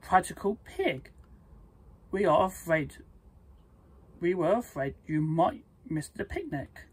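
Li'l Wolf, as a reader puts him on, soft and husky. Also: mid-range voice, very animated, full character voice. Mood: earnest. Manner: slow, plain storybook reading with restarts. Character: young male wolf cub, kind and reluctant.

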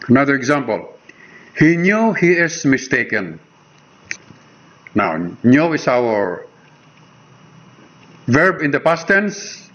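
Slow, deliberate Filipino man teaching grammar. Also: on the high side, a bit bright. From Philippines. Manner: deliberate, repeats "okay" between points. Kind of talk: slow explanatory grammar lesson. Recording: dull lo-fi sound.

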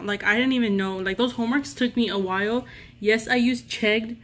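A woman's voice: fairly high pitch, steady tone, moderate pace. A young adult woman vlogging in a casual, rambling way, exasperated and full of "like". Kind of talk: casual vlog chat.

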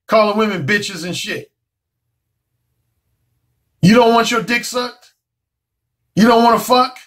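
A man's voice: high-pitched, normal speed, long pauses, sharp tone. A man, a dating coach, talking straight to the camera in a blunt, profane, preachy monologue.

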